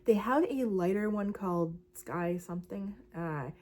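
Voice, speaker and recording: A young woman chats her way through a crochet vlog in a loose, rambling manner. She fills her talk with likes and ums while showing her yarn. Her pitch sits in a middle range for a woman. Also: a little slow, a little mellow. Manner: chatty, rambling, many fillers and likes. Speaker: crochet vlogger. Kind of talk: casual craft vlog chat.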